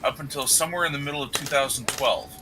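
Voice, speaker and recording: A Canadian man hosts a casual livestream chat, explaining figures methodically and making self-deprecating jokes. His mid-range voice moves at a quick pace over music, and the audio is poor.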